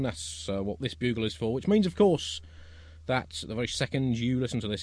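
A man's voice: mid-range voice, fairly quick, dry recording. Wry man, dry close sound. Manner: wry, deadpan, absurd comic storytelling with chuckles. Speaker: podcast co-host. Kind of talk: comic podcast monologue.

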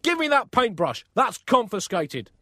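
A man voicing a blustering, short-tempered old pope in a comic story, shouting and exasperated. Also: high-pitched, huge pitch swings, normal speed, no echo, studio quality, voice pushed up, heavily acted. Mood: furious.

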